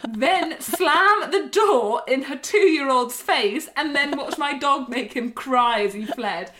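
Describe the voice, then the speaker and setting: A young woman with a notably high voice recounts a mishap in relaxed podcast chat. She talks in an animated, self-deprecating way, often laughing as she goes. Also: slow, slight background noise. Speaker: podcast host. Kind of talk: casual anecdote-telling.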